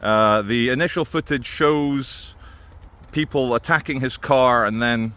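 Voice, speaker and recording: Man, casual vlog commentary, middle pitch, rambling, lots of fillers, dry asides. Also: measured pace, a bit bright, smooth. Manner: rambling, stops and restarts, many "uh" fillers. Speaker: vlogger.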